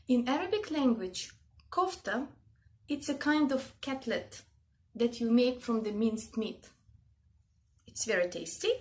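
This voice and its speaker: A woman from Russia with a Russian accent talks viewers through word meanings in a casual vlog. Her voice sits a little high, and she speaks slowly and deliberately. She lifts her pitch on each key word. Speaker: language video host.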